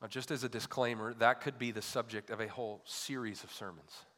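A male pastor delivering a sermon, asking repeated rhetorical questions and swinging between loud emphatic peaks and quiet low drops. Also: fairly even intonation, a little fast. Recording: long hall reverb.

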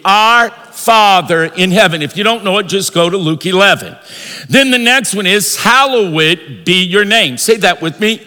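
A man preaching a sermon as pastor, leading the congregation in call-and-response and rising into shouts. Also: sits high. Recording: long reverb of a large hall.

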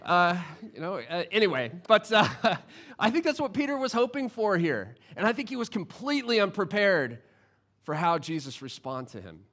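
A male pastor delivering a sermon with a voice a bit higher than most men's. He talks casually and with humor, stumbling over words and restarting often as he works through his points. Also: big pitch swings, normal speed, a bit bright. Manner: conversational and humorous, with frequent restarts and fillers.

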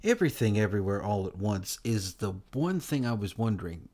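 A man's voice: lowish voice, very animated, brisk, darkish tone. A man co-hosting a podcast in casual chat, rambling and laughing, swearing casually. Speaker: podcast co-host.

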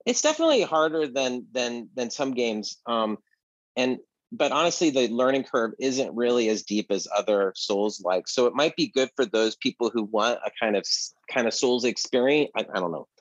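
A man's voice: mid-range voice, animated, moderate pace, no echo, highs cut off. Rambling man chatting about games. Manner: rambling, many fillers and restarts. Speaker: podcast co-host. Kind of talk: casual chat about video games. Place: apartment.

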